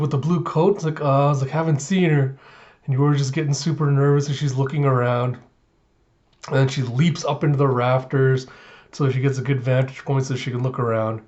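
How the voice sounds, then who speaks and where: A man hosting his own reaction channel, retelling a story in an animated way and laughing often. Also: mid-range voice, dull audio. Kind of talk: casual reaction commentary.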